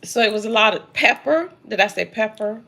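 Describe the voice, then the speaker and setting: A woman's voice: mid-range voice, expressive, fairly quick, vocal fry, pushed and bright. Playful woman co-hosting at home. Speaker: co-host. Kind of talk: casual chat.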